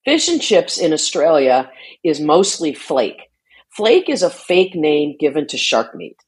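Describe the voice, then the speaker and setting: A woman's voice: sits low, big pitch swings, a little slow, husky. A woman speaking as an interview guest, explaining earnestly in a conversational way, with frequent restarts and fillers. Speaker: interview guest, shark conservation advocate.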